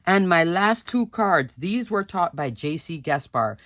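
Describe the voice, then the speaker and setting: A woman's voice: lowish voice, animated, a little slow, fairly bright tone, no room sound, clean studio sound. A woman hosting a casual craft show-and-tell, gushing and chatty, often asking if things are pretty and repeating her love for them. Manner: chatty, asks "isn't that pretty?". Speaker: papercraft channel host.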